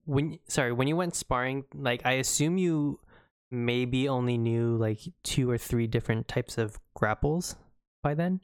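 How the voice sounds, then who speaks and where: Co-host, casual chat, mid pitch, curious questions, hesitant restarts, dry close sound. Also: unhurried, smooth, no echo.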